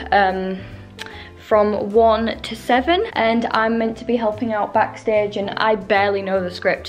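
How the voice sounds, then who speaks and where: A woman chatting in a casual vlog, gushing and excitable. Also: medium pitch. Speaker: vlogger.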